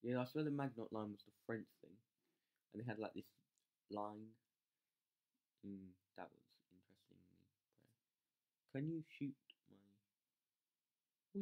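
A gamer commentating live gameplay, excitable, yelling at troops, swearing and mocking themself. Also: mid-range voice, a little slow, long pauses, phone-quality sound. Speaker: game channel host.

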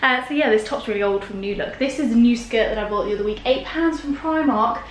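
A woman's voice: a little high, fast, a little hiss or hum. A young British woman, a lifestyle vlogger, chatting to camera in a bubbly, gushing way with plenty of fillers. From United Kingdom.

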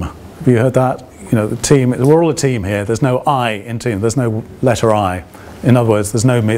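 A man's voice: medium pitch, darkish tone, slight background noise. A man giving an open lecture to alumni in a conversational way, often checking with the audience through rhetorical questions and dry, ironic asides. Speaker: guest lecturer.

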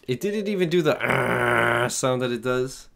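A young man giving casual, excitable gameplay commentary, swearing and laughing often as he plays. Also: medium pitch, fairly quick, a little hiss or hum. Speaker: gaming streamer. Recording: loud game music behind the voice. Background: game music.

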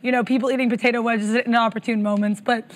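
A woman's voice: on the high side, flat delivery, fast. A woman co-hosting a live trading stream, chatty and bubbly.

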